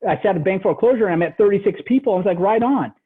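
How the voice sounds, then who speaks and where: A man giving a motivational real estate training talk over a call, animated and tacking "right?" onto his points. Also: high voice, very fast, breathy edge. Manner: animated, repeats "right?" after each point. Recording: tinny phone-line audio.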